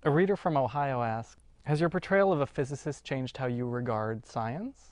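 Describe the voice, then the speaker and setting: A male interviewer reads questions sent in by readers, keeping his delivery light and plain. His voice sits at a middle pitch, and the recording is dry and close. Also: normal speed, darkish tone, no room sound.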